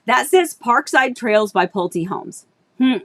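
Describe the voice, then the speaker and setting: A woman's voice: fairly high pitch, expressive, takes it slowly, dry recording. A woman real estate agent chatting casually on a live stream, rambling with many restarts. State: tearful at times. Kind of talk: casual livestream chat.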